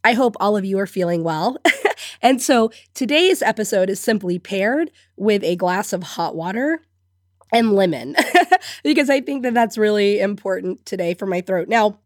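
A woman's voice: mid-range voice, expressive, normal speed, no echo, clean studio sound. A woman hosting her own podcast while sick, congested and scratchy-voiced, talking in an upbeat way with frequent little laughs. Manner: upbeat, laughs often between phrases. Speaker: podcast host and business coach. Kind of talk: solo podcast talk.

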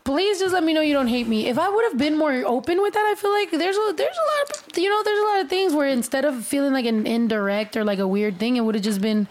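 A woman's voice: high-pitched, lively intonation, fast talker, hardly any pauses, a little hiss or hum. A young woman in casual chat, blunt and slangy, swearing freely.

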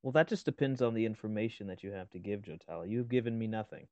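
A man's voice: fairly low pitch, fast talker, a little mellow, no room sound. A man playing a character in a tabletop game, talking animatedly with laughing asides. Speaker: player. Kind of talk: tabletop role-play. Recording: dull lo-fi mic.

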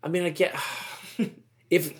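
A man's voice: fairly high pitch, flat delivery, slow pace, darkish tone. A young man hosting a casual chat, rambling, swearing freely and laughing often. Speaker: podcast host.

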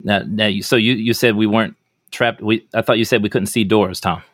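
Low-voiced man playing a tabletop game. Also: fairly even intonation, brisk, a bit bright, no room sound, studio quality. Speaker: player.

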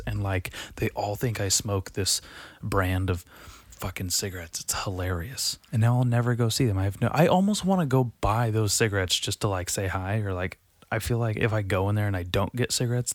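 A man's voice: fairly low pitch, no echo. A young man in his twenties hosting a solo podcast in a darkened room, rambling and confessional, swearing often and padding his talk with fillers. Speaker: podcast host. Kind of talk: late-night solo podcast monologue. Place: darkened room lit by Halloween lights.

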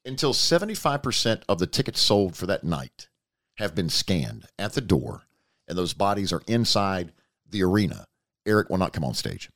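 A man's voice: deep voice, sing-song, moderate pace, fairly bright tone. A man hosting a podcast in casual, rambling, folksy chat. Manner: rambling, folksy, repeats himself. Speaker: podcast host.

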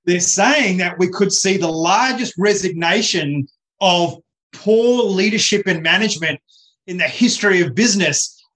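Australian man, podcast host, upbeat and chatty, slightly high voice. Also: sharp tone, low-quality recording. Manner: upbeat, chatty, with frequent fillers. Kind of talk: casual interview chat.

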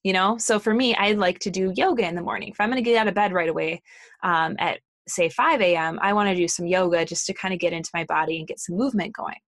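A woman's voice: lowish voice, fast, no room sound. A woman in her thirties, a fitness trainer, giving a casual motivational talk in a chatty way full of fillers and asides.

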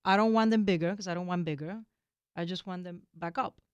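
Animated woman telling teasing stories. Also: on the low side, brisk, clean tone, highs cut off. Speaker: podcast co-host. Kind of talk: casual chat.

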